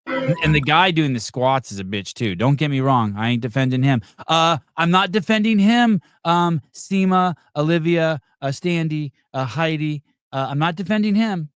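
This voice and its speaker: A man's voice: on the high side, no room sound, studio quality. A man hosting a live podcast, reacting to videos in a blunt, profane rant. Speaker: podcast host.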